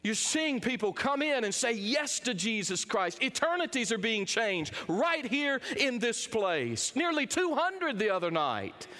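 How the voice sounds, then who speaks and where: A middle-aged man preaching a sermon, swinging between quiet, low lines and raised, emphatic ones. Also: big pitch swings, measured pace, hardly any pauses. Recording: long reverb of a big hall.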